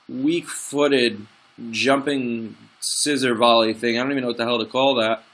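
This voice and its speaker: A young man narrating his own football management game like a commentator. His voice is bright and ringing, his pitch sits mid-range for a man, and his excited calls give way to frustrated muttering about his team. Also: normal speed. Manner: excitable, frustrated, swings from play-by-play to grumbling asides. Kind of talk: let's play commentary.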